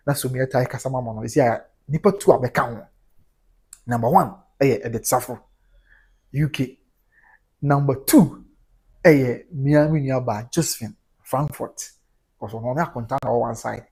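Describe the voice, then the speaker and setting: A man's voice: mid-range voice, breathy edge. A man with a Ghanaian accent hosting a live stream, chatting casually and animatedly and laughing often. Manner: switches between pidgin English and Twi, animated, laughs often.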